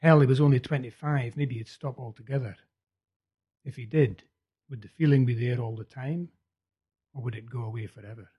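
A man narrating a novel aloud in a steady, low-key way. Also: normal speed, long pauses, slightly rough. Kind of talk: audiobook narration.

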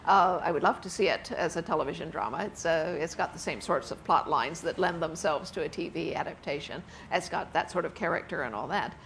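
A low-voiced woman talks a little fast with hardly any pauses, and a little hiss or hum is audible. She's a guest author interviewed on a festival stage before an audience, chatty, laughing frequently and saying "uh" often.

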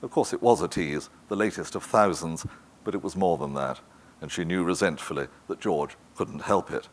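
A man narrating a literary novel in a measured, even manner. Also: deep voice. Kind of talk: scripted audiobook narration.

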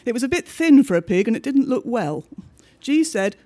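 A man with a notably high voice reads a bleak diary-style story aloud. His delivery is measured and understated, with each entry set down plainly. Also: sing-song, darkish tone. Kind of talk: scripted narration of a diary story.

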